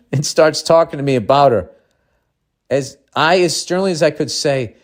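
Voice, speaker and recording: A man's voice: fairly high pitch, unhurried, pauses often. A man hosting a podcast, reading a listener's letter aloud and breaking in with profane, sarcastic asides. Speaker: podcast host.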